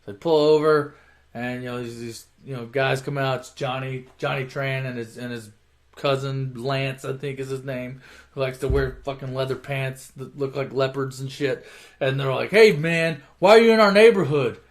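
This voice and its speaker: A man's voice: mid-range voice, little pitch movement, moderate pace. A man casually retelling a movie plot as a comic story, offhand and profane, often correcting himself mid-sentence.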